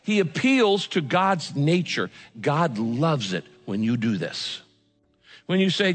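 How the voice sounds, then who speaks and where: A man's voice: a little high, very animated, a little slow. Man preaching a sermon in a big echoing hall. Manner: dramatic, swings between loud pleading and hushed earnest asides. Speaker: pastor. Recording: music under the voice, long hall reverb.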